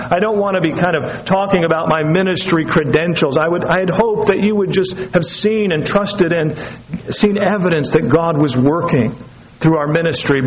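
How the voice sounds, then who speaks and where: A man's voice: fairly high pitch, lo-fi sound. A man preaching an expository sermon as pastor, conversational, with wry, sarcastic asides.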